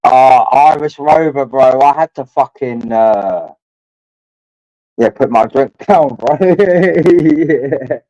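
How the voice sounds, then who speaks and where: A man's voice: mid-range voice, slow pace, warm tone, no echo. A man, talking rambling and crude to his livestream chat while drinking, swearing often and calling viewers his lads. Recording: dull lo-fi stream audio.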